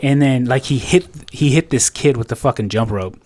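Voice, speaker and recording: A man's voice: medium pitch, normal speed, darkish tone, no room sound. A young man from California on a podcast, telling a story in a rambling, profane way full of filler words. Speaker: podcast co-host. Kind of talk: casual podcast chat.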